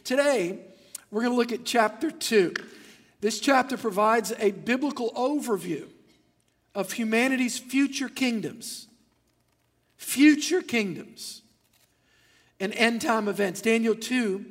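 A male pastor preaching a sermon in church, retelling the story with animated acted-out voices. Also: high-pitched. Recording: long church hall reverb.

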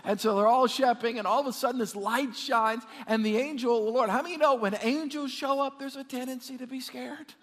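High-voiced pastor with twang. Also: male voice, a little fast, few pauses. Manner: energetic, repeats words, asks the congregation to respond. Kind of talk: sermon. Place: church sanctuary. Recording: long hall reverb.

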